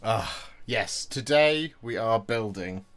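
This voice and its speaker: A man's voice: lowish voice, expressive, slow pace, fairly bright tone. A man hosting a casual livestream while building models, chatty and self-deprecating as he greets viewers. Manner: chatty, self-deprecating, reads chat aloud.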